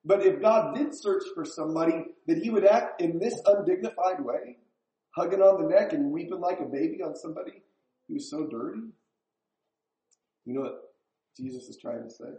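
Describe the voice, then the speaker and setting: Guy preaching a sermon, kinda high voice but mellow, chatty, asks the crowd stuff, echoey church. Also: moderate pace. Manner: conversational, asks the congregation questions. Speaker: pastor. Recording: echoey room.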